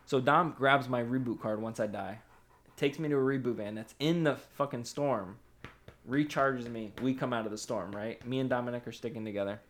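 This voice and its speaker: A man's voice: medium pitch, moderate pace. Laughing, foul-mouthed man telling stories. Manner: laughs often, swears, animated storytelling. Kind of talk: casual chat.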